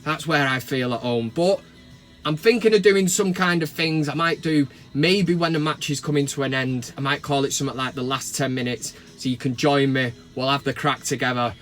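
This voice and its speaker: A middle-aged man from England with a Mancunian accent, ranting and joking to camera from his van, bursting into mock shouts. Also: mid-range voice, normal speed, faint music behind. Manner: swears and mock-shouts in outbursts. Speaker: vlogger. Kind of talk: casual comedic rant to camera. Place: parked van cab.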